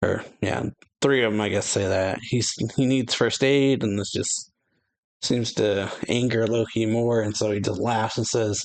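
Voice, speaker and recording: A man's voice: lowish voice, steady tone, unhurried, vocal fry, darkish tone. A man hosting a casual reaction video, reading comic pages aloud and chatting loosely, laughing often. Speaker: anime reaction youtuber. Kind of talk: casual comic read-through.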